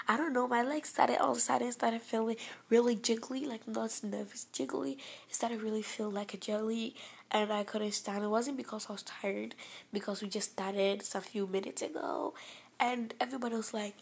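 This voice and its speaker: A woman telling a dramatic personal story in an animated, rambling way. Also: a little high, fairly quick, creaky, husky. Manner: animated, rambling with fillers and restarts.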